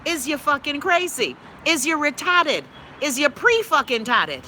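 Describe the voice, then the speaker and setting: A woman's voice: high-pitched, sing-song, unhurried, sharp tone, a little hiss or hum. A middle-aged woman with a Bahamian accent hosting a casual live stream, blunt and profane as she rants and reads comments. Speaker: live-stream host reading viewer comments.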